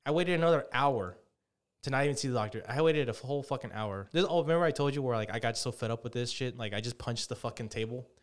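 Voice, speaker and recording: A man's voice: medium pitch, quick pace. A young man hosting a casual podcast, telling a frustrated story full of swearing and mimicked voices. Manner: profane, ranting storyteller, puts on voices. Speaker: podcast host. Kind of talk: casual chat.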